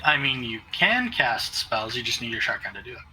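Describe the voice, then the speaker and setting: A man runs a tabletop game session, narrating at an easy, halting pace. His voice is very bright and sharp. Faint music plays behind him. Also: mid-range voice, low-quality recording. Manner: relaxed, halting narration with many fillers. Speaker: game master.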